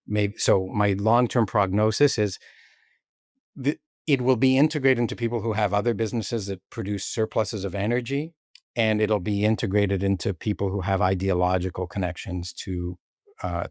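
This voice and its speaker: A man as an interview guest, speaking in a measured, thoughtful way with occasional restarts. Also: sits low, darkish tone, no echo, clean studio sound. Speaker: guest, Bitcoin author. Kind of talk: casual interview conversation.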